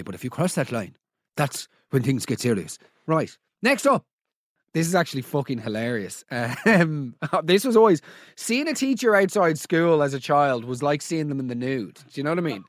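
High-voiced man ranting in disbelief. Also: big pitch swings, normal speed, dry recording, studio quality. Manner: incredulous, ranting, swears freely. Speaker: podcast host. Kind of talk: comedic roast chat.

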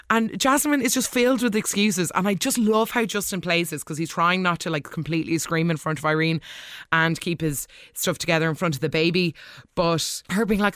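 A woman's voice: on the low side, moderate pace, no echo, studio quality. A woman hosting a casual episode recap in a chatty, gushing way, acting out the lines she quotes. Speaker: soap opera recap host.

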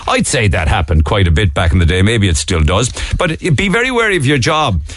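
A man's voice: fairly low pitch, very animated, a little fast, fairly bright tone, no echo, clean studio sound. A man with a Cork accent hosting a radio talk show, chatting casually about the day's stories with wry, joking asides. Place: radio studio.

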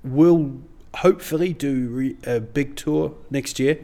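Middle-aged male comedian, casual guest chat, meandering, full of "you know", mid-pitched voice. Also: slow, mellow. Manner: rambling, self-deprecating, many "you know"s.

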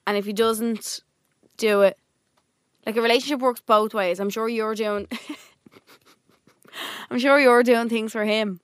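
A young woman with a fairly high voice gives blunt, offhand takes in casual podcast chat. She swears easily and keeps her tone plain. The sound is close and dry, as in a small studio. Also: fairly even intonation, slow, long pauses, clear, resonant tone, no room sound. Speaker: podcast co-host.

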